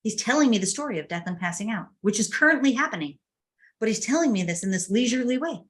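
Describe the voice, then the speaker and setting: A woman's voice: fairly high pitch, expressive, quick pace. A middle-aged woman hosting a podcast, telling family stories in a chatty, casual way with laughs. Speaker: podcast host. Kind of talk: casual chat.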